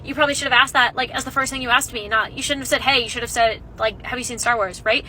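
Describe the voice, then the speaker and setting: A young woman telling a story about a bad date in a casual, animated and exasperated way. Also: a little high, fast talker, slight background noise, poor audio.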